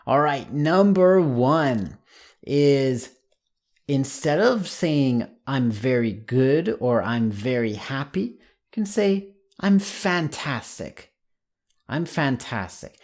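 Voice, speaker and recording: A man teaching an English lesson online, saying example words slowly and clearly. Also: mid-range voice, animated, darkish tone.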